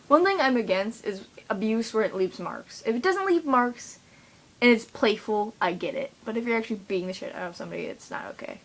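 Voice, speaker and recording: A woman's voice: on the high side, expressive, a little fast, a little hiss or hum, poor audio. Teen girl vlogging, rambly and giggly, does little voices for her friends. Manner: chatty, giggly, mimics friends in quoted voices. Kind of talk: rambling casual monologue.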